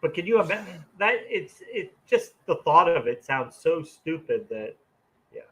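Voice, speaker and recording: A man's voice: fairly high pitch, sing-song, moderate pace, sharp tone, poor audio. A man co-hosting a skeptic podcast, chatting casually with dry joking asides. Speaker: podcast co-host. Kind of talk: casual reaction chat.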